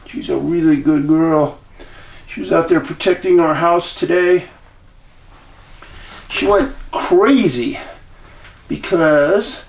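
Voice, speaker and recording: A middle-aged man, host of his channel, casually telling a story to the camera in a chatty, animated way, quoting the people he met. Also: fairly high pitch. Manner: chatty, animated retelling with quoted dialogue. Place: rural home outdoors.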